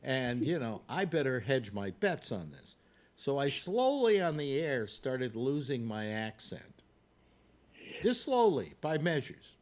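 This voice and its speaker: An older man hosting a casual panel chat, telling stories in a rambling way with halting restarts and laughs. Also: mid-range voice, sing-song, a little mellow. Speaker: radio talk show host.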